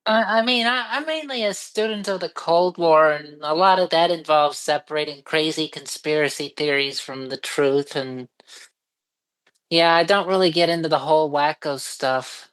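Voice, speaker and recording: A woman chatting casually as a co-host, with dry, deadpan humor and stumbling restarts. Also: low voice, moderate pace, poor audio. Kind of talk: casual chat.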